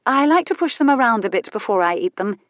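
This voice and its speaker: A woman's voice: on the high side, very animated, quick pace, no echo, muffled recording, pitched above the performer's own voice. A woman voicing a clever young lady companion with a wry, dry humour, in an audiobook character voice.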